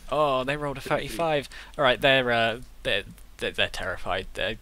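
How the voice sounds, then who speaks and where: A man narrating as game master of a tabletop game, halting and full of restarts. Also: mid-range voice, lively intonation, pushed and bright.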